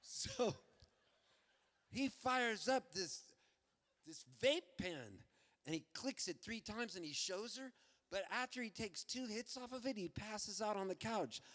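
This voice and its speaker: A man telling a funny story between songs at a live festival concert, loose and laughing as he slips into quick voices for the people in it. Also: sits high, expressive, a bit bright, long reverb tail. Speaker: folk singer-songwriter telling a story on stage. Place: outdoor festival stage.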